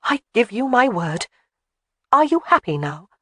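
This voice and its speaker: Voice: medium pitch, big pitch swings, fairly bright tone, dry recording, clean studio sound, voice pushed up. A narrator voicing a courageous young bride who snaps back and argues with her husband, in a storybook reading. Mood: tart. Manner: quick to snap back, argumentative.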